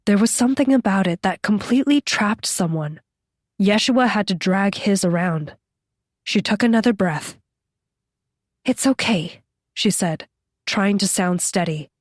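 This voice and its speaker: A woman reading an audiobook as its narrator, in a measured, scripted delivery. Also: mid-range voice, no room sound, clean studio sound.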